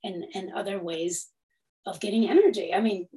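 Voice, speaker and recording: A woman's voice: mid-range voice, normal speed, mellow, poor audio. A woman, a podcast guest talking bluntly and swearing freely. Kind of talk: casual political chat.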